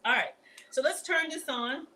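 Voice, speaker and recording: A woman's voice: high voice, moderate pace, sharp tone, low-quality recording. A woman hosting a casual cooking livestream, chatting with her viewers as she cooks and flustered as she keeps telling herself to focus. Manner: chatty, talks to viewers as y'all. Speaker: cooking show host.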